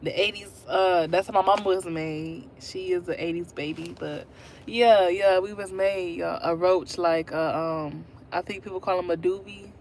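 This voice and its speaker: A woman's voice: on the low side, fairly even intonation, normal speed, darkish tone, a little hiss or hum. A woman in her twenties, chatting casually on a livestream and telling her viewers a story. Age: 20s. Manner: chatty, talks straight to viewers. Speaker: livestream host.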